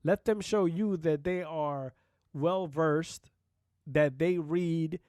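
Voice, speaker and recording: A man's voice: a little high, takes it slowly, darkish tone, no room sound, clean studio sound. A man hosting a solo podcast, talking bluntly and casually, with profanity and frequent "you know what I mean" asides. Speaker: podcast host.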